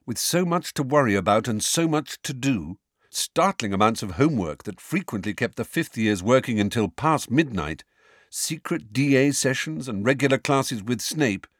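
A man narrating an audiobook with an expressive, varied storytelling delivery. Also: medium pitch, moderate pace, dry recording, clean studio sound. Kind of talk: scripted narration.

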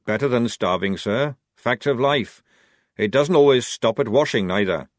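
Male reader as a gruff, sly old sergeant, rough speech, dry close sound. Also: mid-range voice, moderate pace, no echo, natural voice. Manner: rough working-class speech, dropped words. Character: gruff, crafty old army sergeant, man.

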